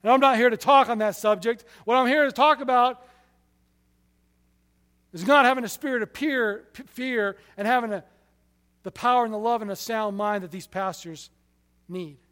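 A man preaching a sermon, telling stories with passion, his loudness rising and falling sharply. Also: very high voice, normal speed, pauses often, long reverb tail.

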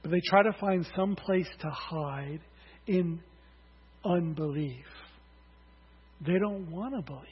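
A man's voice: fairly high pitch, slow, pauses often, slightly rough. A man preaching a sermon as pastor, emphatic and calling on the congregation to answer aloud. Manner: emphatic, calls for congregation responses. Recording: dull, hall reverb.

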